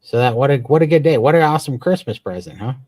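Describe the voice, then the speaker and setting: A man's voice: mid-range voice, animated, quick pace, a little mellow, no room sound. A man co-hosting a casual livestream chat, talking with eager, grateful enthusiasm and rambling restarts. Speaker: podcast co-host.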